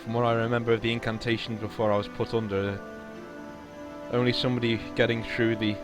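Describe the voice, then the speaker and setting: A man's voice: mid-range voice, flat delivery, fast talker, over music, lightly acted. A man voicing a proud ancient male warrior king, newly awoken, who speaks in a grave, formal and indignant way.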